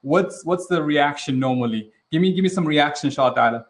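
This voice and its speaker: A man's voice: on the high side, a little fast. A man hosting an interactive online teaching webinar, talking casually and energetically, often mixing in Arabic religious phrases. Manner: energetic, casual, acts out quoted reactions. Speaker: webinar host and trainer.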